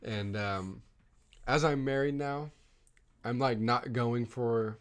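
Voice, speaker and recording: Man, mid-pitched, casual storyteller, filler-heavy, unhurried. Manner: rambling storytelling with many fillers.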